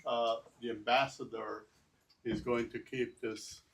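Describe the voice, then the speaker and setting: A man hosting a memorial gathering, speaking haltingly with many filler pauses. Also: medium pitch, flat delivery, creaky. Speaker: event organizer and host. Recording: voice from some distance off the mic.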